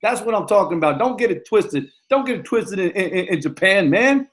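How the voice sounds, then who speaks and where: A man's voice: high voice, expressive, normal speed. A middle-aged man, a football coach, giving a motivational talk in an emphatic, repetitive, slangy way.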